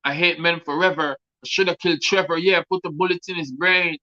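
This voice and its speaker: A wounded young woman spits out her anger at men in tense, forceful lines, as a man recites her in a poem. The voice holds fairly flat in pitch and sits on the higher side for a man. The sound is dull and lo-fi, like a stream recording. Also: a little fast, no room sound. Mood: bitter, anguished. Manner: recited as spoken-word poetry. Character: young woman, abused, bitter toward men.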